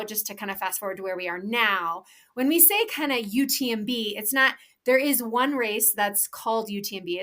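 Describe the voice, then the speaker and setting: Her mid-range voice is a bit bright. This professional trail runner co-hosts a podcast, chatting casually and eagerly, wandering off topic with lots of fillers and restarts.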